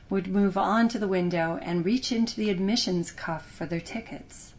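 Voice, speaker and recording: Woman storyteller, audiobook read, lively and expressive. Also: on the low side. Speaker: narrator. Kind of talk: audiobook narration.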